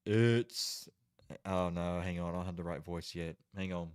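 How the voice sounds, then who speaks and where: Male streamer, low voice, casual, laughs easily, keeps stalling. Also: fairly even intonation, a little slow, clean tone, dry recording, clean studio sound. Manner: chatty, giggly, keeps stalling. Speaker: livestream host. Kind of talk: casual livestream chat.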